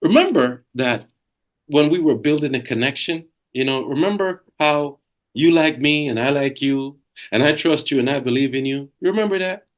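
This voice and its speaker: Animated middle-aged man coaching. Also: a little high, normal speed. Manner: emphatic, animated, repeats key phrases. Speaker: sales coach. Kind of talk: energetic coaching webinar. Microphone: video call.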